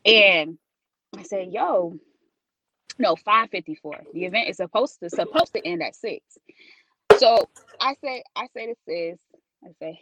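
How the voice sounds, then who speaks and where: A young woman who works as a blogger, co-hosting a podcast and telling a story in lively, exasperated casual talk. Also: medium pitch, measured pace, long pauses, no room sound, rough recording. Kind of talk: casual chat.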